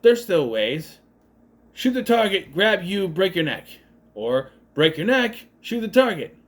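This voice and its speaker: Casual male movie reviewer, lively delivery, sarcastic and fed up. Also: high voice, measured pace. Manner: exasperated, sarcastic, swears often. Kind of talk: casual movie recap and rant.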